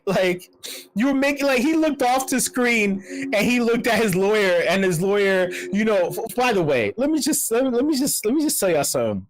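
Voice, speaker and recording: A speaker at a community meetup, ranting with lots of swearing, repeating words and swinging between high and low pitch. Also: very animated, moderate pace, rough recording. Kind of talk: profane ranting commentary.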